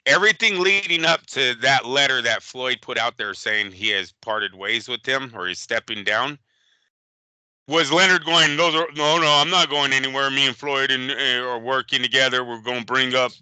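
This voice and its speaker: A man co-hosting a boxing podcast in casual chat, animated and profane, often slipping into quick impressions. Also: mid-range voice, clean tone, no echo, low-quality recording. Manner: animated, profane, impersonates fighters. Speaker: boxing show co-host.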